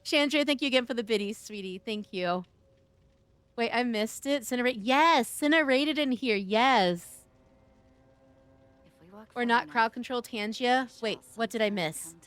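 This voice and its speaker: A woman's voice: on the high side, moderate pace, pauses often, fairly bright tone, clean tone, no room sound. A woman streaming live, chatting casually with her viewers in a flirty, teasing, playful way. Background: music.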